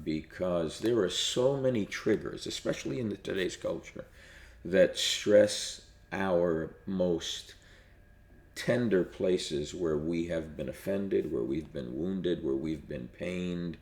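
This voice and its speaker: A male pastor giving a short devotional message in a measured cadence, repeating key phrases slowly. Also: sits low, creaky, darkish tone, roomy sound.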